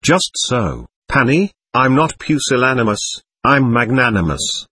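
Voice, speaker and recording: A husky-voiced man reading the lines of a proud, touchy nobleman who speaks pompously in an audiobook. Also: medium pitch, big pitch swings, a little slow, bright, forceful tone, dry recording, heavily acted. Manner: pompous, offended dignity.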